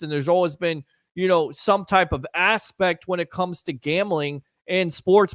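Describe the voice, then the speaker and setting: A man hosting a casual sports talk radio show, chatting fast and taking phone calls. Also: sits high, no room sound.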